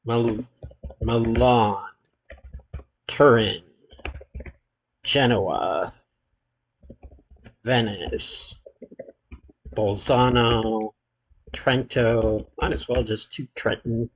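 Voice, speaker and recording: A man hosting his channel, thinking aloud as he plays a geography quiz, hesitant and halting with many filler pauses. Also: mid-range voice, fairly even intonation, poor audio. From United States.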